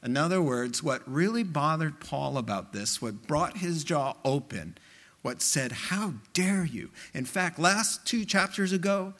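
A pastor preaching a sermon with impassioned, emphatic delivery, climbing into high quoted exclamations. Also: male voice, big pitch swings, unhurried, sharp tone.

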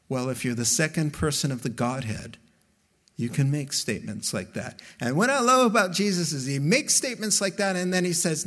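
A man preaching a sermon as a pastor, emphatic and slow, with dramatic pauses between phrases. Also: fairly high pitch, lively intonation, fairly bright tone.

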